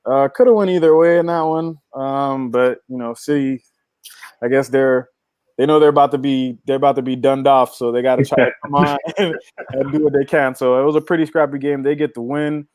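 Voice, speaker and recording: A man's voice: mid-range voice, steady tone, fairly quick, darkish tone, no room sound. A man co-hosting a casual sports podcast, recapping scores in a laid-back way with lots of fillers. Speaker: podcast co-host.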